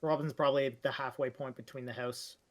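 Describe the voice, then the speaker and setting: A man sits in on a tabletop game, talking in an easygoing, slangy way as he thinks aloud. His voice is a middling male pitch. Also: steady tone, a little fast. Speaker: player. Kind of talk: casual chat at a game table.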